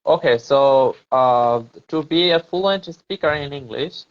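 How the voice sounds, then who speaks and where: A man's voice: mid-range voice, slow, clean tone, highs cut off. A man talking casually about English accents and exam preparation, hesitant, with many fillers and restarts. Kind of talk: casual conversation practice.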